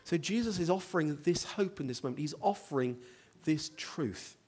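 A man's voice: a little high, animated, normal speed, a little mellow, breathy edge. A man preaching a sermon, earnest, building to emphatic rhetorical questions.

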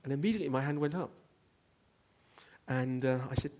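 A man's voice: mid-range voice, fairly quick, darkish tone. A man preaching a sermon, earnest, building to emphatic rhetorical questions.

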